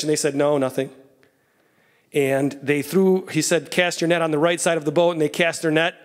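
A man in his thirties with a slightly high voice preaches a church sermon. He tells the story animatedly, dropping to soft low asides and then rising into excited lines. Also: fairly quick. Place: church sanctuary.

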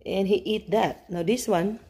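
A woman's voice: mid-range voice, measured pace, mellow, slightly rough. A woman vlogging at home at night, chatting casually and cooing baby talk to her dogs. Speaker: vlogger filming her pets. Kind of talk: casual chat.

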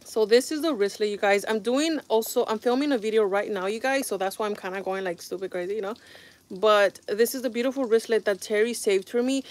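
A woman's voice: mid-range voice, a little fast, darkish tone. A woman vlogging at home with a phone camera, reviewing a handbag in a rambling, exasperated way with frequent sighs. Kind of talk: casual product review vlog.

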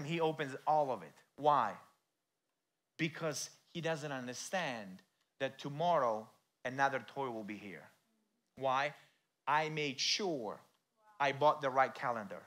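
A man preaching a sermon in a church. He talks directly to the congregation and swings between quiet, intimate passages and loud, shouted emphasis. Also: fairly high pitch. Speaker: pastor.

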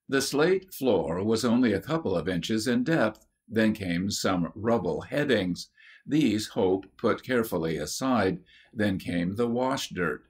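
A man narrating a children's story from an audiobook in a measured storytelling manner. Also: on the low side. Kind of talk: scripted narration.

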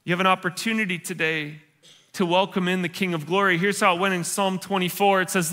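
A pastor with a high, bright and ringing voice preaches a church sermon. His delivery is conversational and playful. He keeps slipping into the voices of his listeners to act out what they are thinking. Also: brisk. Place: church service.

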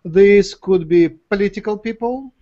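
A man's voice: high-pitched, unhurried. A man from the former Soviet Union, hosting a webinar and explaining earnestly. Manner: earnest, repeats phrases, speeds up when explaining. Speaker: host. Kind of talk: casual webinar talk. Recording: dull lo-fi webinar audio.

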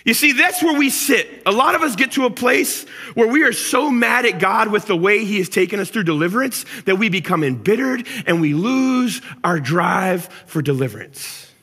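A man preaching a sermon as pastor, animated and acting out angry complaints before dropping to soft, intimate tones. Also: high voice, moderate pace, few pauses, slightly rough. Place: church auditorium. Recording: church hall reverb with music.

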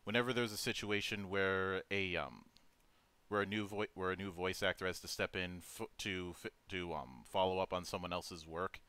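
A man from Minnesota hosts the interview in a low but bright, crisp voice. He talks haltingly, restarting and filling pauses with ums. The recording is dry and close. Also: fairly even intonation, dry recording. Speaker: host. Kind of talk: casual interview chat.

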